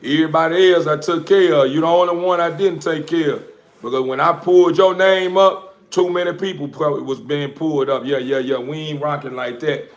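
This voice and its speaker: A man's voice: on the high side, fairly even intonation, fairly quick. Rambling slangy man on a livestream. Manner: loose, rambling slang-heavy talk with many fillers. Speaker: dog breeder. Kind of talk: casual livestream chat.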